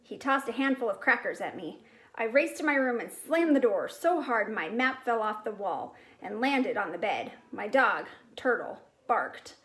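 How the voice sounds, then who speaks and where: Female reader, slightly high voice; reads a children's chapter book aloud, changing pitch and volume for each character. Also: lively intonation, moderate pace, a bit bright, poor audio. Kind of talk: storybook read-aloud.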